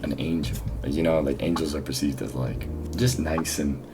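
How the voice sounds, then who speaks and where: A man's voice: very deep voice, moderate pace, music in the background. A young man telling a personal faith story in a loose, rambling way, full of fillers and slang. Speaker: vlogger sharing a faith testimony. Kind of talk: casual spoken testimony.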